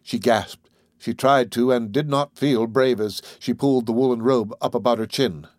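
A man's voice: mid-range voice, normal speed, a little mellow, no room sound. Man reading an audiobook in a dry voice. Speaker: audiobook narrator. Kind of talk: scripted audiobook narration.

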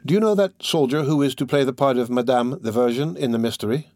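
A man's voice: medium pitch, fast, darkish tone, no room sound, clean studio sound, lightly acted. A man voicing a bold young woman in her finest clothes, speaking eagerly and correcting her friend. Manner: impetuous, prim.

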